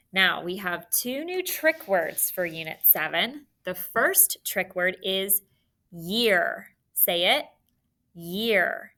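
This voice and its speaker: A woman's voice: mid-range voice, pushed and bright. A young woman teaching a spelling lesson by video, patient and encouraging, spelling words out letter by letter.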